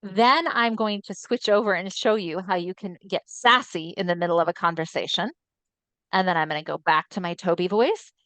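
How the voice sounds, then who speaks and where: A woman's voice: fairly low pitch, moderate pace, fairly bright tone, no room sound. A woman trainer giving an upbeat, chatty webinar presentation over a computer mic on a video call. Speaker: assistive technology trainer.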